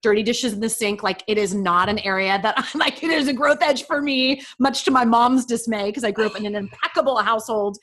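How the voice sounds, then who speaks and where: A woman hosting a casual parenting interview, telling stories in an animated way and laughing often. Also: a little high, fairly quick, hardly any pauses. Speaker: podcast host.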